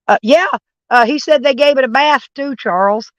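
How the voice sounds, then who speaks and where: A livestream host talks casually with her viewers, calling them honey while being blunt and swearing freely. She has a high-pitched voice at a normal speed, captured dry with no room sound and the highs cut off.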